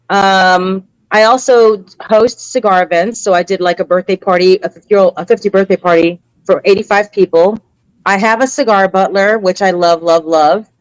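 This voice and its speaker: Interview guest: woman, middle-aged, expressive storyteller, mid-pitched, close and dry. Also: dry recording, poor audio. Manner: animated, acts out quoted voices; emotional, earnest. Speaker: interview guest, cigar educator. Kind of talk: casual conversational storytelling.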